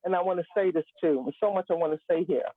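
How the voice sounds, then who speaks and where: On a live stream with a tinny, phone-line quality and no echo, a woman guest tells a personal story. Her voice sits fairly low and she talks fast, earnest and emphatic, dropping in humorous asides.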